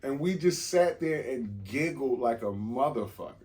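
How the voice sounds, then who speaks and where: A man's voice: medium pitch, lively intonation, normal speed, a little mellow, soft background music. A middle-aged man, co-hosting a casual couple podcast, laid-back and often laughing, repeating himself. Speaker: podcast co-host.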